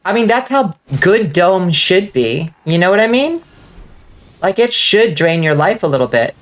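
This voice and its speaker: A woman streaming a game live, chatting casually and rambling with lots of fillers, now and then breaking into excited outbursts. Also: fairly low pitch, a little slow. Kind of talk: casual livestream chat while gaming.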